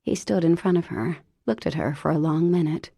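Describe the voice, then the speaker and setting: Woman audiobook narrator, husky and gravelly, slow pace, dry close recording. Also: low-pitched, warm tone, dry recording. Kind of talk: scripted narration.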